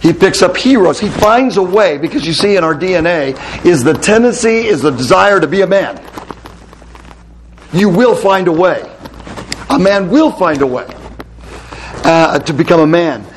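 A middle-aged male pastor giving a lively talk to a room of men, telling stories and putting questions to the crowd. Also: high voice, moderate pace, long pauses, slight background noise. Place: hall with a live audience.

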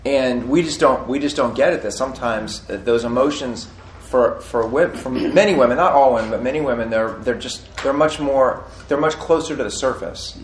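A man in his forties, co-hosting a casual marriage-advice chat, who talks in halting bursts with many restarts. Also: medium pitch. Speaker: podcast co-host. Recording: echoey room with faint noise.

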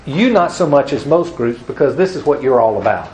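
A man's voice: medium pitch, expressive, brisk, a little mellow, a little hiss or hum, low-quality recording. A man preaching to a live group, telling stories and acting out the people he quotes with a chuckle. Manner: storytelling, acts out quoted voices, chuckles. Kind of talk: evangelism teaching talk to a live group.

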